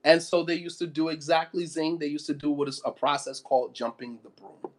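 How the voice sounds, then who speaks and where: A man's voice: fairly high pitch, level tone, fairly quick. A man giving an impassioned sermon, firing off rhetorical questions and repeating phrases for emphasis. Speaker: preacher.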